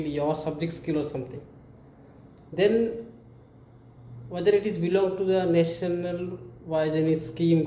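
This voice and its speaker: A man with an Indian English accent gives an informal lecture on handling tough interview questions. His voice is mellow and low in brightness, and it carries a roomy echo. He circles back over his points, says "okay" between ideas and restarts his sentences often. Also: slight background noise. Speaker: career coach.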